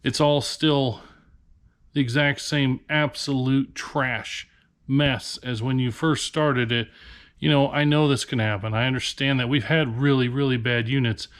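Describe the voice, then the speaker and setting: A Nebraska man who resells for a living vents to the camera from inside a storage unit, his rant tired, frustrated, and rambling. His medium-pitched voice has fairly even intonation and a fairly bright tone, and he speaks unhurriedly.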